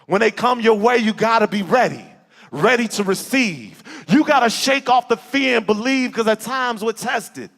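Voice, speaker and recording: Male spoken-word poet, breathless and rhythmic, raspy-edged voice, live in an echoey sanctuary. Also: very high voice, lively intonation, normal speed. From Chicago. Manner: rhythmic, rhyming delivery with shouted peaks. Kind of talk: spoken-word poetry performance. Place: church sanctuary with live audience. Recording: echoey hall with audience.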